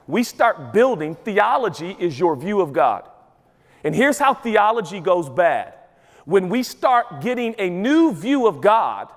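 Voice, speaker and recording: A male pastor preaching a sermon to a congregation, lively and quick to act out voices for comedic emphasis. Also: high-pitched. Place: large church auditorium with a congregation. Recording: long reverb of a large church hall.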